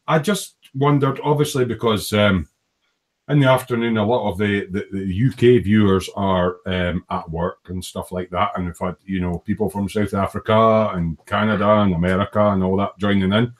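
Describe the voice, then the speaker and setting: A man's voice: on the low side, steady tone, normal speed. A man casually hosting a workshop live stream, rambling and friendly with lots of fillers, talking into a laptop mic. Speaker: livestream host, hobby model maker. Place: home workshop at his bench. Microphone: laptop built-in mic.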